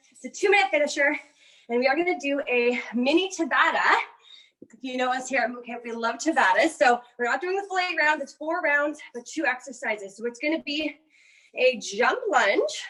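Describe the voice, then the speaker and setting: A woman's voice: sits high, a bit bright. A woman with a Canadian accent coaching a home workout class, upbeat and encouraging, out of breath as she counts down each round. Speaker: fitness coach.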